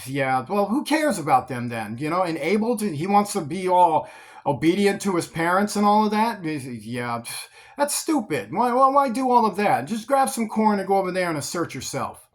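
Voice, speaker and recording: A man's voice: high voice, sing-song, moderate pace. A man voicing a sly male fallen angel who coaxes and mocks in a casual, dismissive way.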